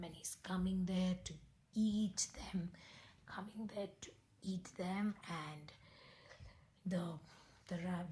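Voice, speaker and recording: A woman's voice: lowish voice, darkish tone, roomy sound. A woman telling a folk tale with voiced animal characters, often dropping into a whisper. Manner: often drops to an unvoiced whisper. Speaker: storyteller.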